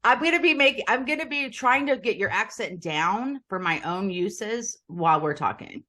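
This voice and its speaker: A woman's voice: mid-range voice, lively intonation, normal speed, pushed and bright. An American woman with a Philadelphia accent, chatting as an interview guest and rambling easily. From United States. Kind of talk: casual interview chat.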